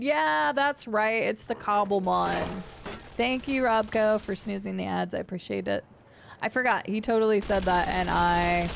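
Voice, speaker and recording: A young woman streamer chatting casually while playing a game, thinking out loud and greeting her viewers. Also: medium pitch, vocal fry. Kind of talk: casual chat while gaming.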